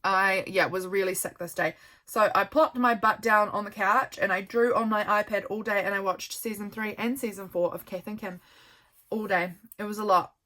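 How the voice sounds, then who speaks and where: This journaling vlogger is a young New Zealander with a medium-pitched voice, fairly even intonation, and a normal speaking speed. At home, she pages through her journal while chatting and rambling, yawning from tiredness and adding warm remarks to viewers.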